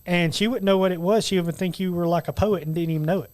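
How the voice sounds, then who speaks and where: A man co-hosting a casual studio podcast, rambling and reciting lyrics slowly. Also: sits high, steady tone, darkish tone. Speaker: podcast co-host.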